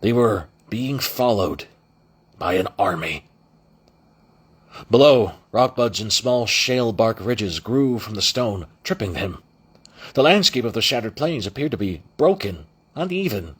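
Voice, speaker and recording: A man's voice: lowish voice, animated, measured pace, slightly rough. A man reading a novel aloud as an amateur audiobook narrator, with frequent restarts and self-corrections. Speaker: audiobook reader.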